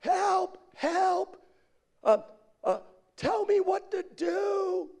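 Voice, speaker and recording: A man voicing a panicked man hanging from a cliff, yelling frantically for help in a strained high voice. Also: extremely slow, gravelly, exaggerated voice.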